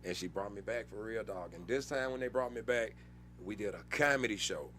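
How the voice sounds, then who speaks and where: Male comedian guest, slangy and animated, bright forceful voice with a faint hum behind him. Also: on the low side, fairly quick. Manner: animated storyteller, slangy, bursts into loud laughing retellings. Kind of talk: casual storytelling interview.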